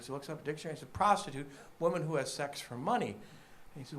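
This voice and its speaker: A man's voice: fairly high pitch, racing, fairly bright tone. Man telling jokes in a noisy club. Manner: joke-telling with punchlines, chatty asides to the crowd. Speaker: stand-up comedian. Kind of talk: stand-up comedy set. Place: comedy club stage.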